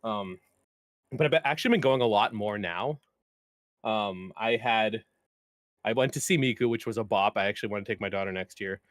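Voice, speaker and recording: A man's voice: lowish voice, normal speed, fairly bright tone, no room sound, clean studio sound. A man co-hosting a casual video game podcast, chatty and rambling, with frequent laughs. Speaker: podcast co-host. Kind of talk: casual chat.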